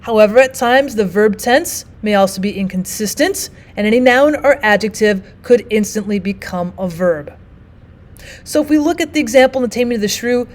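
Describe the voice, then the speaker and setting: A woman's voice: a little high, moderate pace. A woman teacher narrating a recorded language arts lesson, explaining and reading quotes aloud with emphasis.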